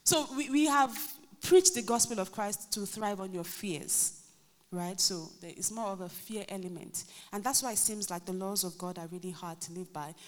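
A Nigerian woman pastor preaching a lively sermon, acting out quotes and joking with her congregation. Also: medium pitch, normal speed. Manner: animated, acts out quotes, jokes with the congregation. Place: church hall. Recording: reverberant church hall.

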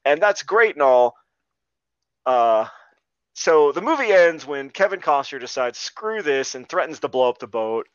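A man's voice: a little high, sing-song, unhurried, no room sound, muffled recording. A man co-hosting a casual movie podcast, rambling and laughing as he retells scenes. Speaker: podcast co-host. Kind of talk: casual movie review chat.

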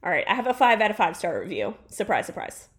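A woman's voice: mid-range voice, sing-song, quick pace. A woman podcast co-host on a video call, reading a review aloud in a casual chat, stumbling and restarting over words and laughing easily.

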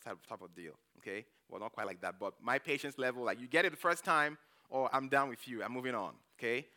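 A man gives a conversational sermon as a church elder. His voice is bright and smooth. He tells personal stories, acts out his own reactions, and keeps checking in with the congregation. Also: mid-range voice, animated, fairly quick. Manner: storytelling, frequent "okay?" checks with the congregation.

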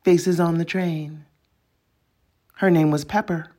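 A woman reading her own literary story as narrator, in a measured, poetic manner. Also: lowish voice, steady tone, mellow.

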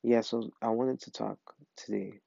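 Raspy, rambling male podcaster. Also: on the low side, steady tone, normal speed, mellow, no room sound, muffled recording. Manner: rambling, hesitant, many fillers. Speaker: podcast host. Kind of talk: casual solo podcast. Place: bedroom, in bed.

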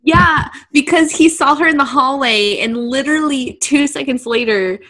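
A woman's voice: sits high, normal speed, bright, forceful tone. A woman co-hosting a podcast, chiming in agreeably and giggling through a casual movie chat. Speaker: podcast co-host.

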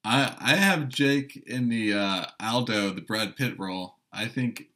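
Young guy kinda low voice, lots of ums and restarts, casual chat. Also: a little slow, bright, forceful tone. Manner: hesitant, many fillers and restarts. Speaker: podcast co-host.

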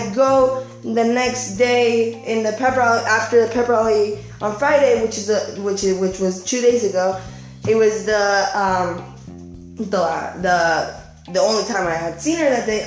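A teenage girl tells a story-time vlog, rambling and filling every gap with "like" while she acts out quotes in a voice that jumps higher. Her voice sits a bit high for a woman. The room around her is echoey, with faint music underneath. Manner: rambling, full of "like" fillers. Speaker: vlogger.

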